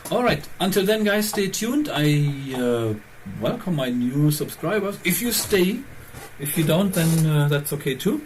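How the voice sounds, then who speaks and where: A man's voice: fairly high pitch, animated, unhurried, a little hiss or hum, poor audio. A man hosting his own channel, chatting casually and rambling as he thinks aloud, with phrasing. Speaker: channel host. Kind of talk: casual chat.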